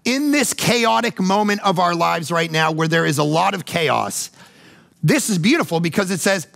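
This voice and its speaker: Male pastor, high and gravelly, lively sermon delivery that swings from shouts to hushed calm. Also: normal speed. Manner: animated, swings from loud mock voices to hushed calm.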